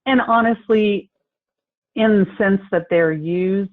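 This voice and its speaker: High-voiced man on a tinny line. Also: no room sound. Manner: measured, deliberate explaining. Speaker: healthcare coding consultant. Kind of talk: webinar discussion. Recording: tinny phone-line audio.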